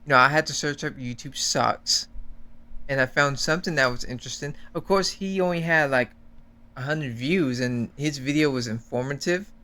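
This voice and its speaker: A man with a mid-range voice rants earnestly as a guest. He complains at length, steady and conversational. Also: medium pitch, moderate pace. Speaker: guest YouTuber. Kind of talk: casual chat.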